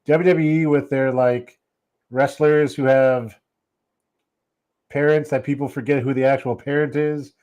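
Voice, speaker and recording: A man hosting a live podcast in casual chat, relaxed as he runs through a list and greets viewers by name. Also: mid-range voice, a little slow, long pauses, muffled recording. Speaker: host of a wrestling podcast.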